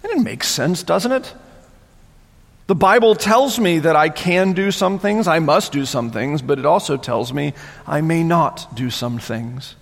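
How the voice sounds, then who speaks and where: A man preaching a sermon, animated, voicing the mockers in rising tones. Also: fairly high pitch, measured pace, gravelly. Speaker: pastor. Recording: long hall reverb.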